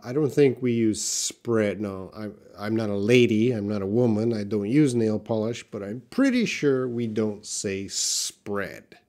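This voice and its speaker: Unhurried Canadian man teaching English. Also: fairly low pitch. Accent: light Canadian English. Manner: relaxed, thinking aloud with frequent uhs and restarts. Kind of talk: live Q&A lesson, reading out viewer questions.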